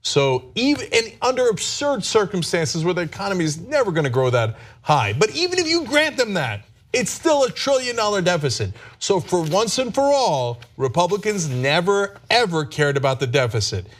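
A man hosting a political talk show, speaking emphatically and growing animated as he makes his points. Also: sits high, normal speed. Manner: emphatic, animated, rising to near-shouting emphasis. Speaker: political commentary host.

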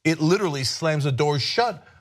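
Brief: male political host, fired-up and sarcastic, slightly high voice. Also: expressive, moderate pace. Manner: combative and sarcastic, mocking voices. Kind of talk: heated political commentary.

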